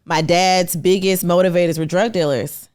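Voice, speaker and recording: A woman in her thirties, a podcast guest, telling her story in casual, colloquial talk and acting out the people she quotes. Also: normal speed. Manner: animated, acts out quoted people with sudden high pitch jumps; colloquial, slangy, emphatic. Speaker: podcast guest, artist and entrepreneur.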